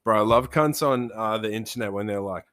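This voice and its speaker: A man's voice: on the low side, brisk, a bit bright. A young man with an Australian accent hosting a podcast, swearing constantly and laughing through crude casual banter. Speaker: podcast host.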